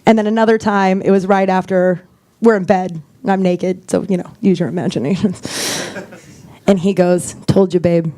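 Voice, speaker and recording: A woman's voice: mid-range voice, steady tone, moderate pace, mellow. Chatty self-mocking woman comedian in her forties. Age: 40s. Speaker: stand-up comedian. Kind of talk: stand-up set. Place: comedy club main room.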